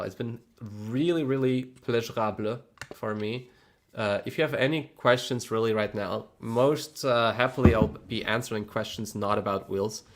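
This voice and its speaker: A man with a fairly low voice hosts a relaxed livestream. He talks loosely to his viewers and rambles with plenty of "uh"s and "you know"s. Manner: reads viewer messages aloud and thanks members, loose and rambling with many fillers. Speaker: livestream host. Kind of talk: casual livestream chat.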